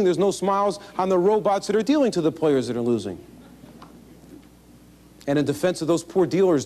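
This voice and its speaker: A man with a notably high-pitched voice teaches card counting in a folksy, animated way. He mixes plain step-by-step instruction with self-deprecating jokes, and the sound comes off an old 1980s instructional tape. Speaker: blackjack instructor. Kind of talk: instructional video talk.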